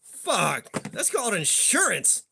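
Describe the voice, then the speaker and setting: A man's voice: high voice, wildly swooping pitch, slow pace, vocal fry, bright, forceful tone, a little hiss or hum. A young man hosting a casual livestream, rambling profanely and greeting viewers in chat by name. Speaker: livestream host.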